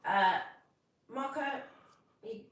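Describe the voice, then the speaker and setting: A woman's voice: sits high, sing-song, drawn-out words, far from the mic. Woman live-stream host, chatty and self-mocking, slightly under the weather, voice echoing from off mic. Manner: chatty, self-deprecating, tells corny jokes. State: a little sick. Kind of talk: casual live stream chat. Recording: echoey room, away from the mic.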